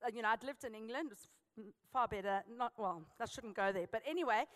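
A South African woman preaching a sermon, telling a personal story with lively, emphatic exhortation. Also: fairly high pitch, fast, in a large hall.

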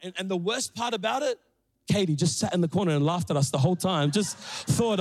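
A young man preaching a sermon, telling a story with animated, acted-out quotes. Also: fairly quick. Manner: animated, acts out quotes with big pitch jumps. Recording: long hall reverb.

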